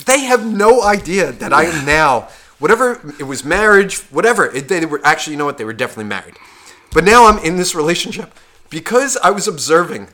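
A high-voiced man co-hosting a podcast tells a profane story casually and with animation, acting out the people in it.

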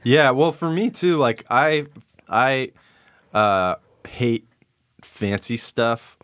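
A man's voice: mid-range voice, animated, drawn-out words, a bit bright, clean tone, dry recording, studio quality. A man from Arizona, a cartoon creator chatting casually as a podcast guest, rambling and wry, with many restarts.

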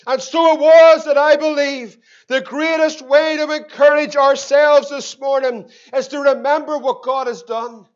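A Northern Irish man preaching a sermon as pastor, impassioned and rising to shouts. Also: very high voice, steady tone, moderate pace, few pauses, highs cut off. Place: church.

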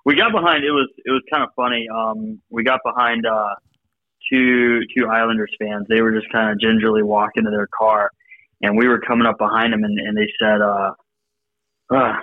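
A man's voice: on the low side, steady tone, moderate pace, no echo. A male guest calling into a sports radio show who tells laid-back stories and laughs often. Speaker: guest on the phone line. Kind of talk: casual sports radio chat. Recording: dull lo-fi phone line.

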